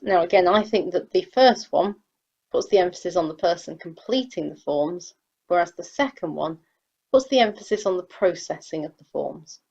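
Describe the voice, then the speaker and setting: A woman's voice: fairly low pitch, expressive, moderate pace, vocal fry, a little mellow, husky, highs cut off. A woman teacher explaining sentence structure in a recorded grammar lesson, patiently reading example sentences aloud. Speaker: English teacher.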